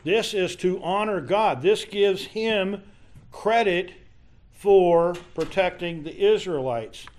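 A man teaching a Bible study lesson in a halting, conversational way, often restarting his sentences. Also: high voice, a little mellow.

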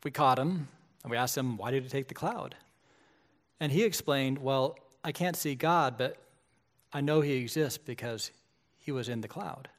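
A man's voice: mid-range voice, moderate pace. A man, a pastor, preaching a sermon in a conversational way that grows emphatic at key points.

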